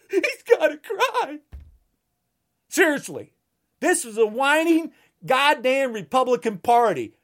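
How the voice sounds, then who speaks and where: A woman delivering an angry political rant, at times shouting. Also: high-pitched.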